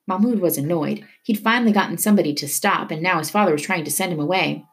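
Woman reading a book out loud, low voice, steady storytelling. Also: quick pace, hardly any pauses. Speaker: reader. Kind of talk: reading a novel aloud.

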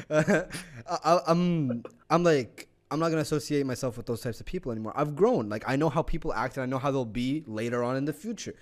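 A young man co-hosting a podcast, telling a story in casual chat, swearing often and acting out what people said. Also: medium pitch. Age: young adult. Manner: animated, swears a lot, acts out quotes. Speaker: podcast co-host.

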